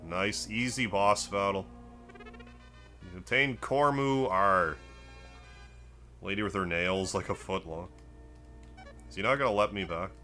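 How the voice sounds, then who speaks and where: Lower-pitched man with a bright, forceful tone. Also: a little slow, pauses often, soft background music. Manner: relaxed, rambling, greets chat, muses aloud. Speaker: gaming live streamer. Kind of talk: casual gameplay stream chat.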